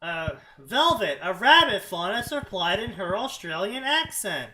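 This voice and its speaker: A man with a bright, fairly high voice reads fanfiction aloud in unhurried, casual stream commentary. He skims whole passages with mocking "blah, blah" asides, and a faint hiss of noise sits under the recording. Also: sing-song, low-quality recording. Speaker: co-host reading fanfiction aloud.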